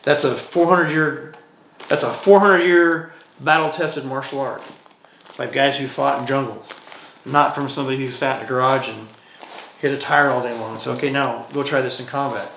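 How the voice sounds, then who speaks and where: Casual gravelly guy acting out stories on a podcast, echoey room. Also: mid-range voice, normal speed. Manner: animated storyteller, acts out dialogue in quoted voices. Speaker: martial arts instructor, podcast guest. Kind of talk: casual interview storytelling. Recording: roomy echo, faint noise.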